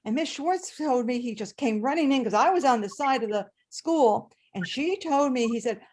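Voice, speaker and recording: An older woman performing a story at a live storytelling event, animated and acting out the voices and sounds. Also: on the high side, normal speed, hardly any pauses.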